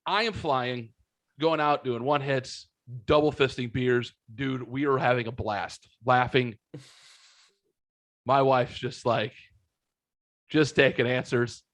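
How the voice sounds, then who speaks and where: Speaking at a medium pitch with no room sound, this podcast host in his thirties tells a long, laid-back story. He's a profane, animated storyteller who swears freely and acts out the quotes.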